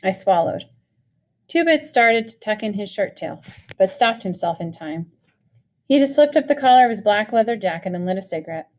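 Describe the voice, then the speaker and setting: Woman, audiobook reading, steady, expressive. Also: medium pitch, normal speed. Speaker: reader. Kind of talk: reading a novel aloud.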